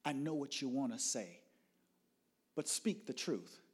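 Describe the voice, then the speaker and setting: A man voicing a mysterious inner voice that urges him quietly and insistently. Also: mid-range voice, expressive, measured pace, breathy edge. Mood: urging. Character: mysterious guiding inner voice, urging and hushed.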